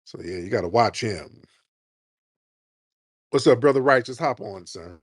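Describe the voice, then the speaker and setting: A man's voice: on the low side, lively intonation, fairly quick, husky, no room sound, clean studio sound. A man hosting a call-in livestream, laughing and taunting callers in casual chat.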